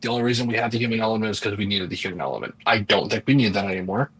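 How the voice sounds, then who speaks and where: Man, podcast co-host, husky, lowish voice, blunt, argumentative, casual chat. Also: racing, fairly bright tone, poor audio.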